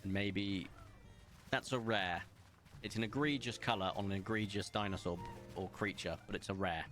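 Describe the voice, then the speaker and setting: Soft music runs behind this young man's casual live-stream commentary, delivered from a home room with an open window. He talks to chat while gaming, poking fun at himself in a lowish, slightly bright voice with fairly even intonation and a moderate pace.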